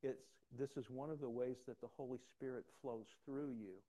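A man's voice: medium pitch, fairly even intonation, moderate pace, dark tone. An older man preaching a conversational sermon in a folksy, rambling way, often repeating words as he starts a thought.

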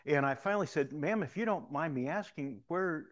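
A man's voice: a little high, expressive, moderate pace. A man in his sixties with a Southern-tinged Missouri accent, giving a folksy, anecdotal talk from the front of a church. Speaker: church leader.

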